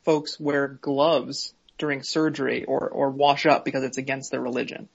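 A co-host in a casual chat, giving dry, skeptical retorts in a husky voice. The recording sounds dull and muffled, with the top end missing. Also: mid-range voice, level tone, normal speed.

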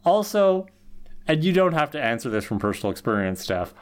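A man's voice: on the high side, big pitch swings, brisk, slight background noise. A man co-hosting a podcast, casually recapping a TV episode with dry joking asides. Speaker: podcast co-host.

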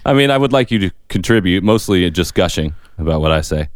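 Young man, podcast co-host, rambling talkative chat, very low voice, dry sound. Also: expressive, fast, clear, resonant tone, no room sound. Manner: rambling, talkative, self-deprecating. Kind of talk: casual chat.

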